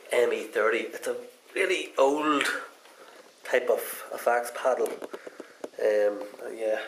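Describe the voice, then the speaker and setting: A man's voice: mid-range voice, slight background noise, low-quality recording. A man chatting his way through a casual hands-on guitar repair demonstration in a folksy, rambling manner.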